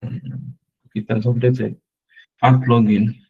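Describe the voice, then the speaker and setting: A man's voice: mid-range voice, flat delivery, measured pace, vocal fry, husky, narrow, tinny audio. A man teaching a live web design class, patiently repeating points and often checking that his students are following. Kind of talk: live screen-share tutorial.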